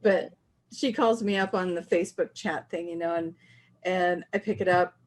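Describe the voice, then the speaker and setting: A woman's voice: fairly low pitch, fairly even intonation, normal speed. A woman with a Southern US accent co-hosts a casual live stream, upbeat and reading out viewer comments. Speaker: co-host.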